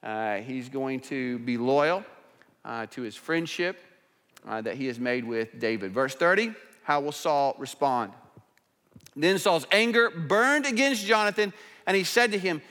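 A male pastor preaching a sermon in church, speaking conversationally and moving from hushed asides to raised emphatic passages. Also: mid-range voice, animated, measured pace. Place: church sanctuary. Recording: long hall reverb.

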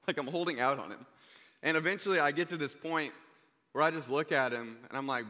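A young man preaching to a youth group, telling a story in a lively, joking way. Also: mid-range voice, fairly quick, pauses often. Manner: energetic, joking, conversational. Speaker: youth pastor. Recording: reverberant hall.

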